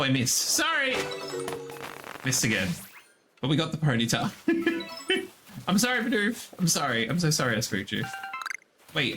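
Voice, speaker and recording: A man giving casual, playful commentary while playing a video game, cooing at the creatures he meets. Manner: playful, squeaks high at creatures. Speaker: gaming streamer.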